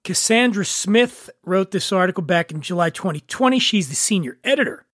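A man hosting a podcast in casual chat, jovial and quick to laugh. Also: sits high, animated, a bit bright, no echo, studio quality. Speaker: podcast host.

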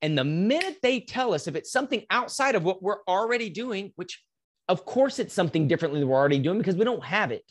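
Animated motivational man, casual storyteller. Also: high-pitched, quick pace. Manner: animated, casual, swears, mimics voices in anecdotes. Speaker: podcast guest.

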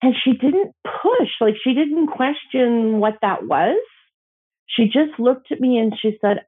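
A middle-aged woman, a Métis elder, slowly and gently telling a personal story with emotional pauses. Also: fairly high pitch, lively intonation, breathy edge. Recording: tinny phone-like audio.

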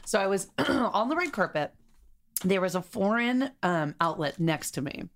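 A woman's voice: mid-range voice, animated, moderate pace. A woman co-hosting a podcast, chatting casually and telling a story, giggling often. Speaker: podcast co-host.

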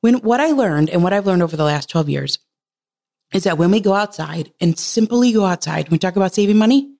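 A woman in her thirties, a podcast guest, telling a heartfelt personal story in casual conversation. She laughs often and leaps up in pitch when she quotes herself. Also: animated, brisk, vocal fry, mellow. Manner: earnest and heartfelt.

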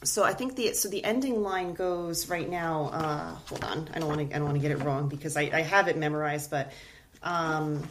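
A woman's voice: low-pitched, normal speed, slight background noise. A middle-aged woman, a children's book author, chatting casually as a podcast guest and laughing often.

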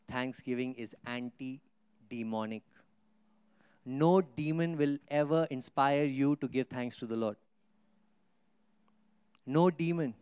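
A man, a pastor, preaching a sermon, asking the congregation questions and swinging between quiet low asides and loud, drawn-out Scripture reading. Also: clear, resonant tone, no room sound.

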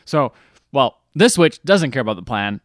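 A man's voice: mid-range voice, very animated, normal speed, no room sound, studio quality. A man casually recapping a film on a podcast, wry and sarcastic with joking asides. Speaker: podcast co-host.

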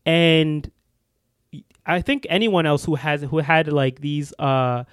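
A man's voice: fairly high pitch, slow, clean tone, dry recording, studio quality. A young man co-hosting a podcast, telling a story in casual chat with lots of restarts and fillers. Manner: rambling with many restarts and fillers. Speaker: podcast co-host.

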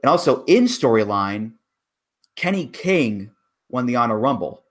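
A man's voice: mid-range voice, very animated, a little slow. A man co-hosting a casual wrestling chat, making emphatic arguments about storylines. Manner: emphatic, breaks down booking logic.

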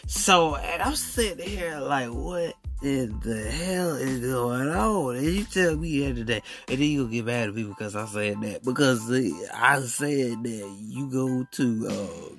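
A man's voice: mid-range voice, moderate pace, few pauses, a bit bright, soft background music. A man hosting a podcast, telling a story in a casual monologue with incredulous, preachy asides to his listeners. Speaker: podcast host.

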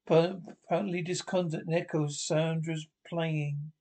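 A man reading aloud the stage directions of an old radio script, haltingly and with restarts. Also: on the high side, little pitch movement, darkish tone. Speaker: reader.

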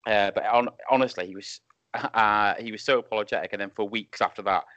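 A wrestling referee appearing as a guest on a video call chats casually, chuckling through rambling stories at a fairly quick clip. His lowish voice is pushed and bright with fairly even intonation, and the Skype audio is muffled but free of room sound.

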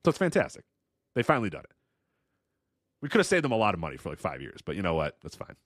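A man's voice: low voice, huge pitch swings, quick pace, no echo, clean studio sound. Sarcastic, rambling male podcast co-host. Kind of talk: casual podcast banter.

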